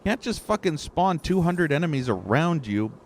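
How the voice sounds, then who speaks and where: A gameplay streamer with a slightly high voice and big pitch swings gives live commentary at a moderate pace. Easily frustrated, he swears and rants at the game.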